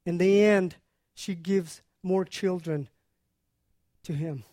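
A preacher teaching on a scripture passage in an earnest, unhurried way, pausing often to explain. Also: mid-range voice, mellow, no echo.

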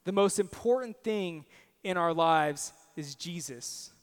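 A man's voice: a little high, takes it slowly, clean tone, in a large hall. A young man preaching a sermon, earnest and personal, telling stories on himself with self-deprecating asides. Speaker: pastor.

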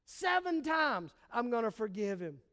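A man's voice: extremely high pitch, big pitch swings, unhurried, pushed and bright, exaggerated voice. A man voicing a proud, boastful grown man who is eager to impress. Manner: boastful, self-satisfied. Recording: long hall reverb.

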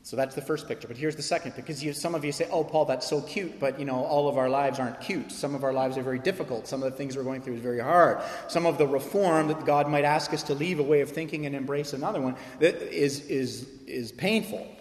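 A man's voice: medium pitch, quick pace, few pauses. A man preaching a sermon as pastor, telling a personal story and acting out the voices in it. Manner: animated storytelling preacher, acts out quoted voices. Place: church sanctuary. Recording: echoey hall with long reverb.

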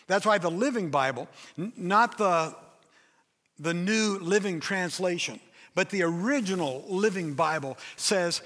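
Brief: older male pastor, high bright voice, emphatic sermon, long hall reverb. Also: normal speed. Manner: emphatic preaching, acts out quoted voices.

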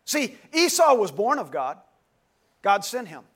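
A man's voice: high-pitched, sing-song, unhurried, a bit bright, husky. A man preaching a sermon to a live congregation, repeating his questions, leading call-and-response and calling on listeners by name. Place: dim church hall, live congregation.

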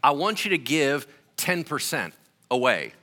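A man's voice: fairly high pitch, big pitch swings, measured pace, pushed and bright, in a large hall, heavily acted. A preacher voicing a stern, scolding fatherly God. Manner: scolding, exasperated.

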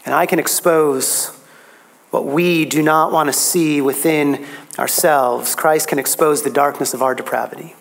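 A man preaching a sermon, emphatic, his pitch rising on key phrases. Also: fairly even intonation, a little slow, vocal fry.

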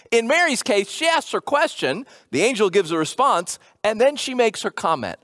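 A male preacher delivers a sermon with a very animated, swooping voice. He retells a scripture story casually and acts out quoted lines. The sound is close and dry. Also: extremely high pitch, no room sound. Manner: lively storytelling with acted-out quotes and colloquial paraphrase. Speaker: pastor.

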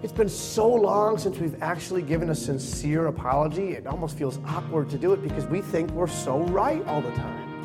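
A man preaching as a pastor, leading his congregation in a quiet prayer of confession and speaking the confessions for them. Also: on the high side, expressive, moderate pace, few pauses, over loud music. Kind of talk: sermon and altar-call prayer.

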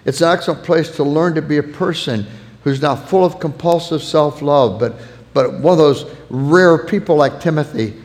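A man's voice: a little high, a little mellow, long reverb tail. A man preaching a sermon earnestly, illustrating his points with acted-out everyday anecdotes. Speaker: pastor.

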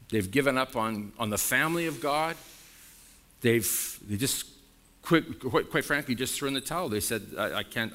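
A man preaching a sermon as pastor, emphatic and blunt, talking straight to his congregation. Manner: emphatic preaching with wide swings in pitch and loudness; direct, frank and blunt with the congregation.

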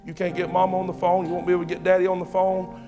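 Fiery preacher, high-pitched man. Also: monotone, very fast, music in the background. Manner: impassioned, repetitive, swings from shouting to hushed. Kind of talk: fiery sermon.

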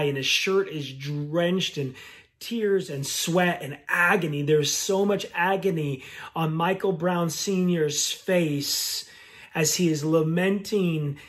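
Middle-aged male pastor, sermon, unhurried delivery, voice sitting a little high. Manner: slow, reflective preaching with long pauses.

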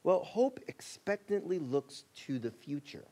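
A male pastor preaching a sermon in a conversational way, acting out quotes and shifting between excited bursts and quiet, soft passages. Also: a little high, a little slow. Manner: conversational preaching, acts out quotes, rising and dropping to a hush.

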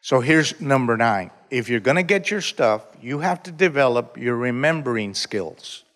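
A pastor preaching a sermon, leading the congregation in call-and-response and breaking into shouts. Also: male voice, medium pitch, expressive, moderate pace. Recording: reverberant church hall.

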